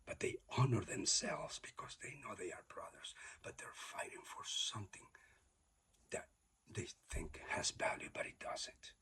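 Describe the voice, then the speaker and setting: A man giving an emphatic, preachy motivational monologue that swings between loud declarations and whispers, repeating his exhortations. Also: lowish voice, sing-song, measured pace, vocal fry. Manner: repetitive, exhorting. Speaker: motivational speaker.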